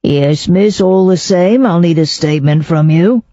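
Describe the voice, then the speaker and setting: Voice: mid-range voice, measured pace, warm tone, no room sound, lo-fi sound, lightly acted. A narrator voicing a gloomy, suspicious police inspector of about fifty who speaks in a stolid, skeptical way.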